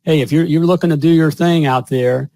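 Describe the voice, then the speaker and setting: A man's voice: on the high side, steady tone, brisk, dark tone, dry recording. A man hosting a live online talk show in a folksy, salesy way, repeating himself as he talks. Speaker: host of a live plumbing show. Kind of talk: upbeat live-stream monologue. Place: home studio.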